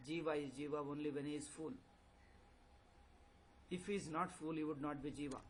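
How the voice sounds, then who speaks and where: A man's voice: a little high, slight background noise, poor audio. A man giving a philosophy lecture as a swami, using rhetorical questions and repeating key points. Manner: rhetorical questions, repetition, chuckles. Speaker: swami teaching a scripture class.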